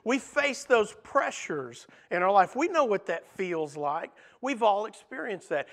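High-voiced man preaching a sermon. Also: sing-song, a little slow, few pauses, fairly bright tone. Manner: earnest, asks the audience rhetorical questions.

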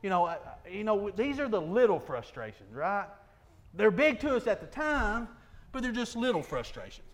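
A man's voice: sits high, big pitch swings, normal speed. A man preaching a sermon in an earnest, folksy way, full of rhetorical questions.

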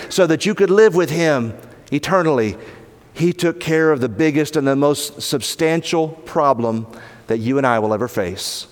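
Earnest male preacher with reverb. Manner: earnest, pleading, rises in pitch when quoting. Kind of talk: sermon.

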